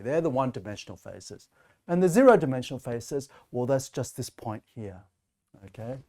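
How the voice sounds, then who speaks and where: Male math lecturer, mid-pitched voice, explanatory delivery with frequent fillers. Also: a little mellow.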